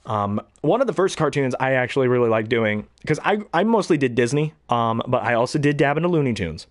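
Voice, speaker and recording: A man with a baritone voice, a hobby voice actor chatting casually, who rambles and often clears his throat. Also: animated, brisk, no echo, clean studio sound. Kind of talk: casual talk to camera.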